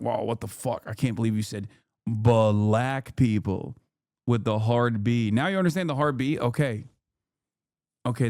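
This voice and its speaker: A man's voice: mid-range voice, darkish tone, no room sound. A man streams his reaction to a clip, blunt and exasperated, swearing freely. His mid-range voice comes through a close mic with a dry sound. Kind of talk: live stream reaction commentary.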